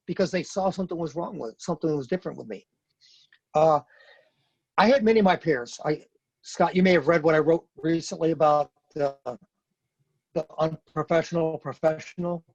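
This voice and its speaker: Blunt husky veteran man. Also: fairly high pitch, brisk, a little mellow, no echo. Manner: blunt, emphatic, repeats words when stressing a point. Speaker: podcast guest, retired Marine sergeant major. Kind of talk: conversational interview talk. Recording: dry, dull lo-fi sound.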